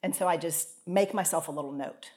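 A woman giving a casual, folksy devotional talk as a podcast host, often clearing her throat. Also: low voice, a little fast, darkish tone. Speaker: podcast host and Bible teacher.

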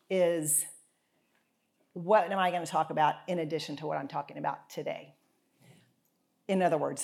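A woman giving a casual, folksy devotional talk as a podcast host, often clearing her throat. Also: lowish voice. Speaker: podcast host and Bible teacher.

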